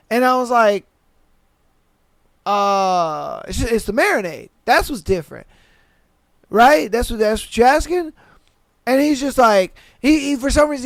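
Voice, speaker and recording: A young man hosting a podcast, telling a story in a slangy, animated way and swearing often. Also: sits high, no room sound. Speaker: podcast host. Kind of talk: casual storytelling chat.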